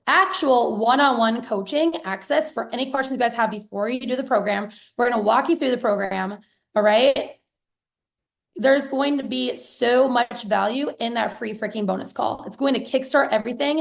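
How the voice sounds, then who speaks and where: Excited, gravelly-voiced woman in her thirties. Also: fairly high pitch. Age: 30s. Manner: excited, chatty, swears casually, reads viewer comments aloud. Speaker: business coach. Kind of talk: live-streamed sales pitch to viewers.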